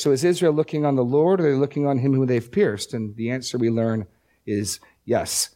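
A male preacher giving a sermon, reading scripture aloud with slow emphasis and explaining it in a conversational way, often repeating words as he restarts. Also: mid-range voice, fairly even intonation, dark tone.

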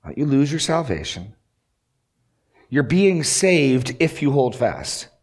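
A man's voice: medium pitch, big pitch swings, slow pace, darkish tone. A male pastor preaching an earnest sermon, asking rhetorical questions and repeating key lines for emphasis.

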